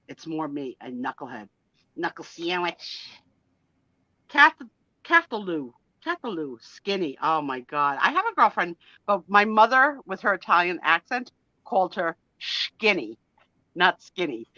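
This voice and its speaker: A woman hosting a casual live chat, animated and laughing, given to dramatic outbursts. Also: low-pitched, no room sound, muffled recording. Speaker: host.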